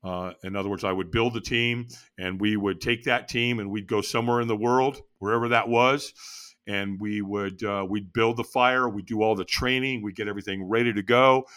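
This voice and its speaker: Middle-aged man, bright and clear, lively guest storyteller who jumps into his own quoted lines. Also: normal speed. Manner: animated, acts out his own past lines with jumps in pitch. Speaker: podcast guest. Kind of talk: storytelling interview.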